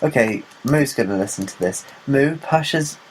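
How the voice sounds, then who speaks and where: A man's voice: mid-range voice, animated, moderate pace, slight background noise, rough recording. Giggly man chatting on a podcast. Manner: chatty and giggly, swears, acts out quoted lines in raised voices. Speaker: podcast co-host. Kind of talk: casual chat.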